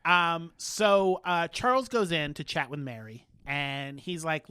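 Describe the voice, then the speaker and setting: Bright, animated man recapping TV. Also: on the high side, slow, hardly any pauses, clear, resonant tone. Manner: animated recapping with playful quoted voices, many fillers. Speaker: podcast co-host. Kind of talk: casual chat, recapping a TV episode.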